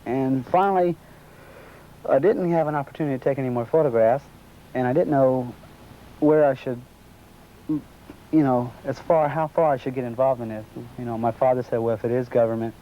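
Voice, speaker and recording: A man's voice: mid-range voice, a little fast, long pauses. A man being interviewed, telling a long personal story in a casual way and acting out the dialogue he remembers. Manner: animated retelling, acts out quoted dialogue. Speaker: interviewee recounting a sighting. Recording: muffled lo-fi recording, faint background noise.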